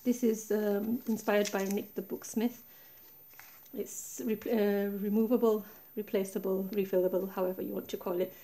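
Picture a woman at her craft table, calmly pointing out each pocket and flap of her project. Her voice is soft and mellow, chatty rather than polished, picked up by a tablet mounted a little way above her. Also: medium pitch, moderate pace. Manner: chatty, relaxed, pointing things out step by step. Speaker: craft tutorial maker. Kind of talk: casual show-and-tell craft walkthrough. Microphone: tablet camera set high above the desk.

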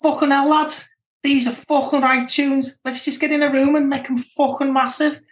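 A man putting on a Scouse accent to voice a brash, swearing male record producer, pitched well above his own voice. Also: level tone, moderate pace, roomy sound. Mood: boastful. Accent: Scouse, put on. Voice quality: high, boastful, sweary.

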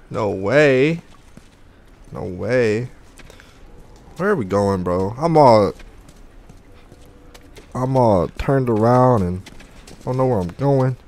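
A young gaming YouTuber with a lowish, slightly mellow voice chats casually while playing, breathless and burning from hot wings. He groans and cracks jokes between exclamations.

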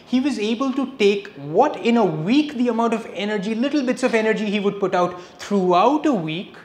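A man giving a public spiritual lecture, telling stories with a lively delivery and dropping in Hindi phrases. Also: high-pitched. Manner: lively storyteller, switching between English and Hindi phrases. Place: lecture hall, indoors. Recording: echoey hall with faint noise.

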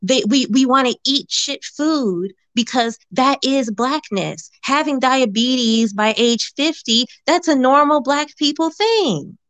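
A woman's voice: sits high, takes it slowly, few pauses, a bit bright, no room sound. A woman calling in to a talk show, speaking earnestly and repeating words as she works out her point. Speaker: caller. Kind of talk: call-in conversation.

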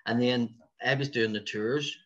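A man's voice: medium pitch, unhurried. West Belfast man with a dull lo-fi sound. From West Belfast, Northern Ireland. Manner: lively anecdotal storytelling, chuckling. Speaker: guest comedian. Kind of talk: casual podcast chat.

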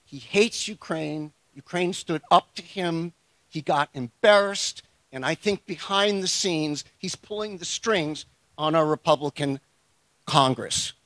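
Older American man, retired general, blunt and halting, slightly high voice, dry sound. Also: fairly bright tone, dry recording, poor audio. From United States. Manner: blunt, emotional, halting with many fillers. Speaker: retired army general, panelist. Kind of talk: panel discussion.

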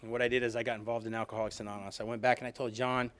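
A man's voice: medium pitch, little pitch movement, racing, a bit bright. A middle-aged man telling a personal recovery story to a live audience, chatty and loose, with restarts and a lot of "you know what I mean". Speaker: alumni reunion speaker.

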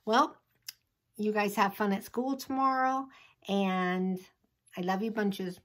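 A woman's voice: medium pitch, fairly even intonation, slow, rough recording. A woman, a teacher, reading a picture book aloud to children and chatting with them about the pictures. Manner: chatty asides to young listeners.

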